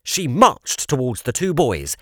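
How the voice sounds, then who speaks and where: A man narrating a children's fantasy audiobook in a measured, expressive way. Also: medium pitch, no echo, studio quality.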